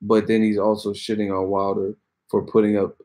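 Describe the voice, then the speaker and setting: A man's voice: fairly low pitch, monotone, moderate pace, dark tone, low-quality recording. A man hosting a late-night livestream, rambling, swearing and joking. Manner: profane, rambling, jokey. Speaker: host. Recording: music playing clearly behind.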